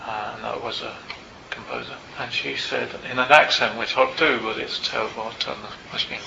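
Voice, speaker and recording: An older man, a meditation teacher, tells a personal story to a group in a Buddhist centre, in a reflective and unhurried way with small asides. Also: mid-range voice, steady tone, vocal fry, pushed and bright, a little hiss or hum. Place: Buddhist centre meeting room. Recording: roomy, slightly dull hall recording.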